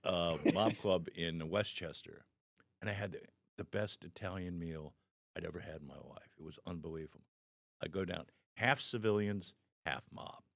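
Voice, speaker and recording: A man's voice: deep voice, moderate pace, gravelly, no room sound, studio quality. A man in his sixties, a stand-up comedian guest, telling anecdotes animatedly in a casual podcast chat. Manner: animated storyteller, acts out the people in his anecdotes.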